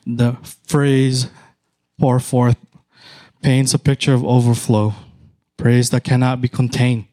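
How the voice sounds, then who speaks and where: Filipino-accented middle-aged preacher, unhurried delivery, mid-pitched male voice. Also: little pitch movement, mellow. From Philippines. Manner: slow, measured, emphatic repetition. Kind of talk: sermon.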